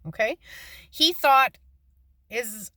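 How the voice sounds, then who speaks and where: A woman's voice: fairly high pitch, extremely slow, pushed and bright, no echo, clean studio sound. A middle-aged woman telling a personal story in a casual, blunt and salty way, acting out the quoted lines. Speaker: storyteller on her own channel.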